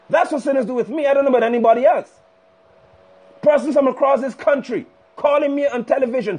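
A man's voice: very high-pitched, a little fast, a little mellow. A male preacher delivering a fiery, scolding sermon live over a phone stream. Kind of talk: sermon on a livestream. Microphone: phone livestream.

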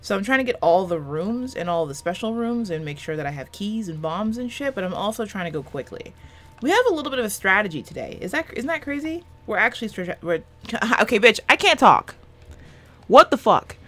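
Very animated and a little fast, this mid-range female voice comes from a gaming YouTuber in her twenties. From a small room with a running fan, she offers casual let's-play commentary that rambles, pokes fun at herself, and is laced with swearing.

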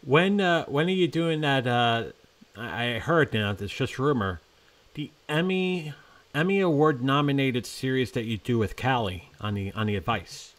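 A man's voice: mid-range voice, lively intonation, moderate pace, a bit bright. A man co-hosting a casual chat show, playfully reading viewer comments aloud.

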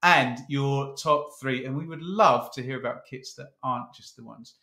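A chatty man hosting a casual talk show, speaking straight to his viewers at a mid pitch. His voice rings with the echo of a roomy space. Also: moderate pace, bright, forceful tone. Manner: chatty, addresses the viewers directly. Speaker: host. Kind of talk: casual chat.

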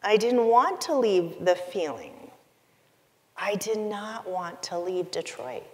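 A middle-aged woman giving a keynote talk, telling a personal story in a confessional, emotive way with deliberate pauses. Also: mid-range voice, animated. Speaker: keynote speaker. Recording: long hall reverb.

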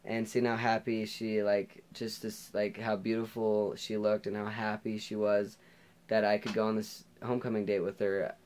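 Brief: young guy vlogger, lowish voice, chatty rambling storyteller full of fillers. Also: flat delivery, normal speed, a little mellow, a little hiss or hum. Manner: rambling, heavy on "like" and "you know", laughs often. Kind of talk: casual storytelling.

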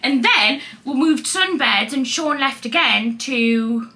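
A woman in her twenties with a Geordie accent, chatting casually to camera in a vlog, excitable and swearing freely. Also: high-pitched, slow pace, background noise. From Newcastle, England. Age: 20s. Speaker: vlogger. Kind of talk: casual chat.

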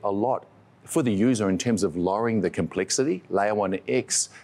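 A man with a New Zealand accent and a very deep voice answers interview questions as a tech executive. He explains earnestly, often restarting his sentences. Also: a little mellow, husky.

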